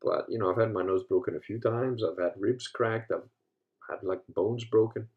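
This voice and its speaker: The audio is narrow and tinny as this fifty-something host from Africa talks at normal speed. He swears freely through his casual monologue of stories, shifting between low mutters and loud, animated retelling.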